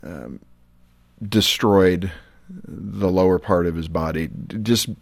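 A man hosting a radio interview who gently leads his guests with empathetic questions. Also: low-pitched, takes it slowly, creaky, no echo. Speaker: radio show host interviewing a couple.

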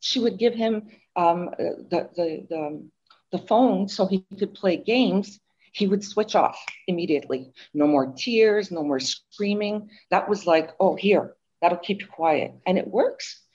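A woman's voice: medium pitch, a little slow, slightly rough, highs cut off. An older woman from Montreal, a guest author chatting in an interview and telling stories with lots of fillers. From Montreal, Canada. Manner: chatty, animated storytelling with fillers. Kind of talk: interview chat.

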